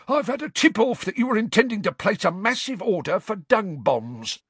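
A man's voice: sits high, sing-song, moderate pace, a bit bright, breathy edge, no room sound, pitched above the performer's own voice, full character voice. A man voicing a bitter, wheezing old male caretaker in an audiobook, hissing and furious. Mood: angry. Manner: hissing, furious, self-satisfied. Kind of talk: audiobook character voice.

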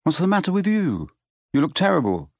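A man's voice: mid-range voice, lively intonation, moderate pace, slightly rough, no echo, clean studio sound. A man reading an audiobook, voicing a blunt, joking teenage boy. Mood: concerned.

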